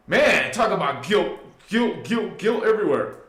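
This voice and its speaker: A man with a fairly high voice gives a live spiritual talk to his viewers. He preaches with emphasis and speaks straight to his audience, dropping low and then rising loud. The room around him rings with echo. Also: sing-song, a little slow. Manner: emphatic, swings from hushed to loud; preachy, addresses listeners directly. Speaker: spiritual channel host.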